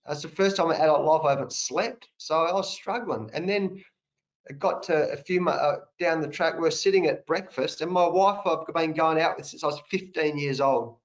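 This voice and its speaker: An Australian man with a fairly high voice speaks earnestly over a video call. He is middle-aged and tells his story candidly, leaning hard on repeated phrases. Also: normal speed, poor audio. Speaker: interview guest, cricket coach. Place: home study, indoors.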